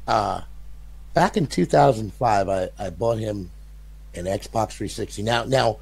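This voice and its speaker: Gravelly older man telling a rambling story. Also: fairly low pitch, measured pace. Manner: rambling, animated, repeats words, swears. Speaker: console modder guest. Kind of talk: casual storytelling interview.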